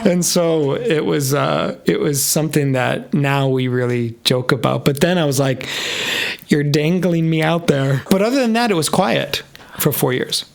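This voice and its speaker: A man's voice: on the high side, moderate pace, creaky. A man in his fifties, a pastor, earnestly and emotionally telling his personal story in an interview. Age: 50s. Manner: earnest, openly emotional, animated retelling. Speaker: guest, pastor.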